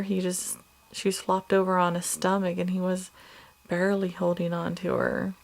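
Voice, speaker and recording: An upset woman, a mother of two small children, talking haltingly into a video diary, now and then dropping to a whisper. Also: fairly low pitch, vocal fry, a little mellow. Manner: halting, hesitant, many fillers and restarts; subdued, drops at times to a whisper.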